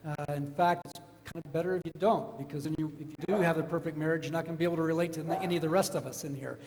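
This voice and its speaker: A man's voice: fairly high pitch, fairly even intonation, racing. A man making casual announcements to a church congregation. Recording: church hall reverb with noise.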